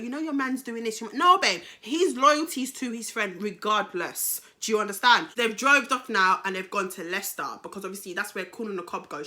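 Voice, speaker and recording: A young British woman telling a storytime tale, with a bright, sharp voice that sits a little high. She talks in an animated, slangy way and swears freely. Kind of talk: casual storytime.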